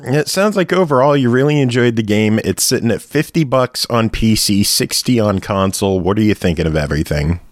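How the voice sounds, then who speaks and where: A man hosting a gaming podcast, relaxed, reading out game details and passing questions to guests. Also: on the low side, a little fast, hardly any pauses, no room sound, clean studio sound. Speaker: podcast host.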